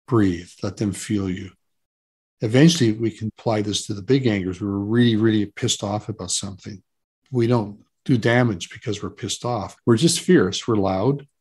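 A man with a low, husky voice, talking as a guest in an interview. He is earnest and emphatic and leans on repeated words to drive a point home. His delivery stays relaxed and conversational.

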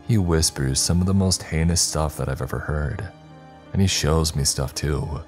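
A man's voice: rumbling low, normal speed, a little mellow, faint music behind. A man voicing a frightened young man who is losing his grip, panicked and pleading, breaking into screams, in a horror story. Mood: fearful. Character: frightened, unraveling young man haunted by a presence.

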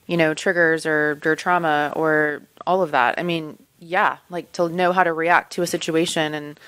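A woman's voice: low-pitched, flat delivery, moderate pace, a bit bright, clean tone. Emphatic woman co-hosting a chatty podcast. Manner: supportive, emphatic, conversational. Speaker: podcast co-host. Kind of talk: casual chat.

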